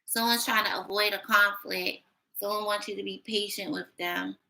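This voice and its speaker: A woman giving a casual tarot reading, blunt and sassy, talking her thoughts out loud. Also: mid-range voice, steady tone, normal speed, gravelly, low-quality recording. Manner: blunt, sassy, thinking aloud. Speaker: tarot reader.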